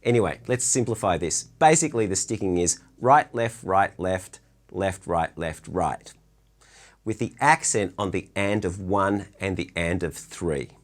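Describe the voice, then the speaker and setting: A man giving a relaxed, chatty drum lesson from his drum room, counting beats aloud as he explains stickings. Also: sits low, a little slow. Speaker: drum teacher.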